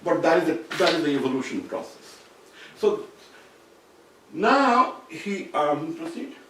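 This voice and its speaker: A man with a fairly high voice lectures at a seminar, explaining patiently and circling back to rephrase his points. He sounds far from the mic, in a heavily echoing room. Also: sing-song, unhurried, bright, forceful tone, a little hiss or hum. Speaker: seminar speaker. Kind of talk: academic lecture. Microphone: distant room mic.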